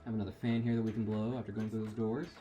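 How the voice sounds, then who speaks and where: A man's voice: fairly low pitch, little pitch movement, rapid-fire, warm tone. A man giving rambling, self-deprecating commentary while playing a video game. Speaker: gamer. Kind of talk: let's play commentary. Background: faint game music.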